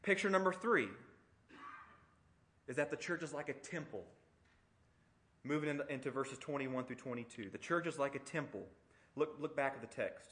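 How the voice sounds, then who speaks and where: A man's voice: medium pitch, normal speed, long pauses, fairly bright tone. A middle-aged man preaching an expository sermon, conversational and emphatic, with rhetorical questions. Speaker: pastor.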